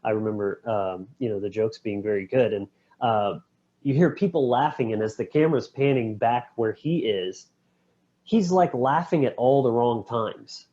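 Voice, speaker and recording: A man co-hosting a podcast, retelling film scenes in an animated way with quick voice impressions. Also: medium pitch. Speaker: podcast co-host. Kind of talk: casual film discussion. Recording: dull, lo-fi podcast audio.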